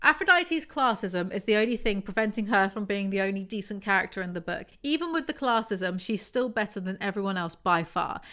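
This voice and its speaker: A woman reading a book aloud and breaking it down with sarcastic, deadpan asides. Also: medium pitch, fairly quick, few pauses. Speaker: book reviewer.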